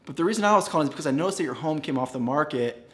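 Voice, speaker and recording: A man's voice: fairly high pitch, very fast. A man standing and teaching real estate cold calling to the camera, upbeat and smiling as he talks. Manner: upbeat, smiling, energetic delivery. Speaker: real estate sales coach. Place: standing in a room.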